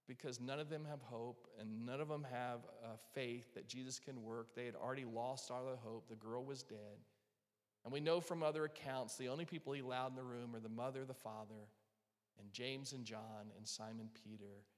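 A man preaching a sermon with earnest delivery, dropping to a hush for quoted words of comfort. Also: medium pitch, steady tone, moderate pace, big-room sound. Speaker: pastor. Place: church hall with live and online audience.

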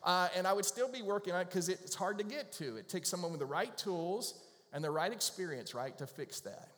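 A pastor preaching a sermon, telling stories in a conversational way. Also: male voice, high-pitched, lively intonation, a little fast, fairly bright tone. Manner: conversational storyteller. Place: church sanctuary. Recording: long reverb of a large hall.

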